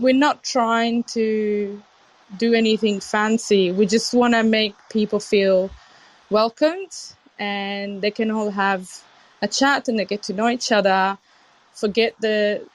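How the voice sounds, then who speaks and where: A young adult woman, a chef from Sicily, speaks in a mid-range voice with an Italian accent touched by British English. As a guest in a casual interview, she talks earnestly and frankly, often restarting her sentences.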